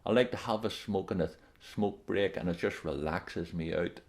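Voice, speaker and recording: A man's voice: low voice, moderate pace, darkish tone. A man working as a life coach, giving a blunt, emphatic motivational talk straight to the camera and repeating his warnings.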